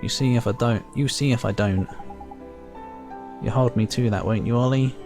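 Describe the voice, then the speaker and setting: A man's voice: medium pitch, normal speed, music in the background, lightly acted. A man reading game lines aloud, voicing an eager, emotional young boy friend.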